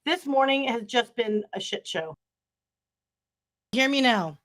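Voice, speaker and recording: A woman's voice: on the high side, expressive, slow, fairly bright tone. A woman producer on a livestream, talking frankly and wryly, swearing casually. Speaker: show producer.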